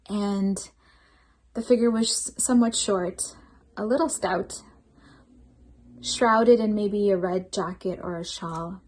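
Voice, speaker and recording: A woman's voice: medium pitch, a little mellow. A woman shares a personal testimony at a devotional program. She speaks earnestly and reflectively, as a healthcare worker who works night shifts.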